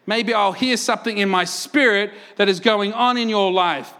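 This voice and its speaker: A man with a high voice preaches to his congregation in a lively, animated way. He fires off rhetorical questions and laughs often between his points. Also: normal speed, clear, resonant tone. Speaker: pastor. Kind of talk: sermon. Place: church.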